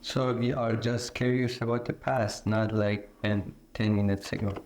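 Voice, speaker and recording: A man's voice: lowish voice, steady tone, normal speed, darkish tone, a little hiss or hum. Hesitant man speaking in an echoey room. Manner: hesitant, searching for words with fillers. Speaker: student. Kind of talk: classroom discussion.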